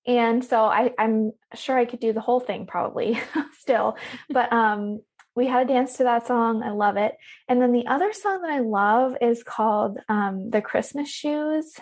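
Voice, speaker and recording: A woman's voice: fairly high pitch, moderate pace, a little mellow. A woman chatting as a podcast guest, giggly and sentimental, with a few ums. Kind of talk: casual interview chat.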